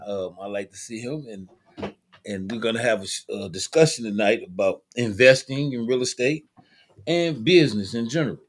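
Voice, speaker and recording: A man's voice: mid-range voice, moderate pace. A man hosting a call-in talk show, speaking in a loose, friendly way with many fillers and restarts. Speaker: show host.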